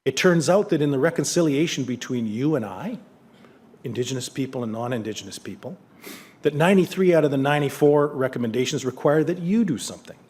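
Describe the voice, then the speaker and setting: A middle-aged man speaks to a lecture audience in an earnest, conversational tone at an ordinary male pitch. He talks frankly and mixes reflection with storytelling. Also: lively intonation, fast talker, a little mellow. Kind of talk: public lecture with anecdotes.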